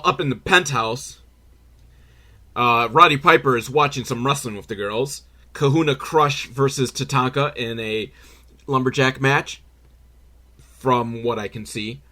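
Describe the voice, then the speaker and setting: Sarcastic man recapping a movie. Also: mid-range voice. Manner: sarcastic, animated, acts out characters in quick voices; profane. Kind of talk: casual comedic movie recap.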